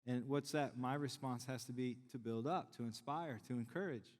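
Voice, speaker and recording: Speaking fairly quickly with few pauses, a middle-aged pastor preaches in a deep, slightly mellow voice. He keeps the sermon conversational and jokey with the congregation. The large sanctuary adds a long church-hall reverb.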